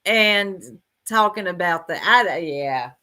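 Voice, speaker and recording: A woman's voice: on the low side, expressive, takes it slowly, bright, forceful tone, slight background noise. A woman giving casual reaction commentary, blunt and sarcastic, laughing often and talking straight to her chat.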